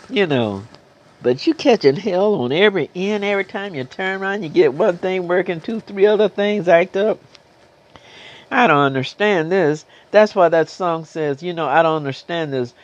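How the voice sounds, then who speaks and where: A man preaching a sermon, now and then clearing his throat and singing slow gospel lines. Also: sits high, highs cut off. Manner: preaching, breaks into slow gospel singing, calls listeners beloveds. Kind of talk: sermon with sung gospel passages.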